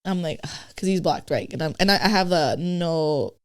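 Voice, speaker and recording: A woman's voice: lowish voice, moderate pace. A woman guest on a podcast, telling a blunt, profane story in casual chat and acting out who said what. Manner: blunt, profane, animated retelling of conversations.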